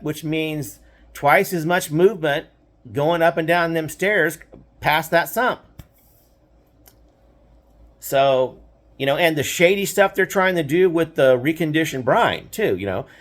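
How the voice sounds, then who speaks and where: Older man rambling through a story. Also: fairly high pitch. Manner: rambling, indignant, full of fillers and restarts. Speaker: storyteller recounting his past. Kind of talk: casual spoken storytelling.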